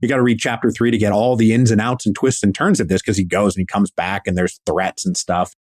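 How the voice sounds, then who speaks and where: A man's voice: fairly low pitch, fairly even intonation, fast talker, no echo. A man guest historian telling a story in a casual, enthusiastic, slangy way, acting out quotes.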